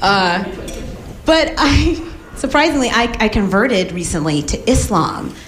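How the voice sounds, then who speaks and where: A woman from the American South performing an animated, self-mocking stand-up set before a loud audience. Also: medium pitch, measured pace, echoey room, slight background noise. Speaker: stand-up comedian. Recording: live stage with loud crowd.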